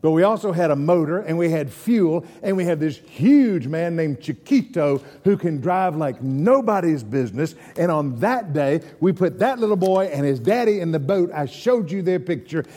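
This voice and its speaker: Mellow-voiced guy preaching, folksy stories, big reverby church. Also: on the high side. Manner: folksy storytelling, asks the congregation questions. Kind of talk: sermon.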